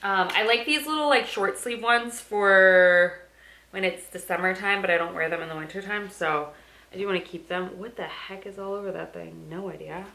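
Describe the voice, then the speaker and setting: A woman's voice: mid-range voice, moderate pace, creaky, pushed and bright. A woman vlogging in casual chat at home, chatty and candid, with loose fillers, filmed on a handheld phone. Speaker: daily vlogger. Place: at home, sorting a dresser. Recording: echoey room with faint noise.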